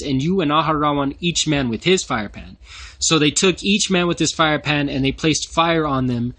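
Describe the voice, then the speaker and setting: Brief: New Mexico man, fairly high voice, casual and profane, mixes scripture reading with slangy, mocking asides. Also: a bit bright. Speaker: scripture teacher.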